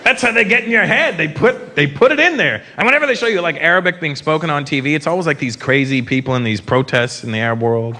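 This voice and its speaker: A man's voice: a little high, lively intonation, fast talker, hardly any pauses. A man in middle age performing brash live stand-up comedy on a stage mic in a large venue. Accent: Canadian. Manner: brash, puts on loud shouted voices. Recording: live venue with crowd noise. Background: audience laughter.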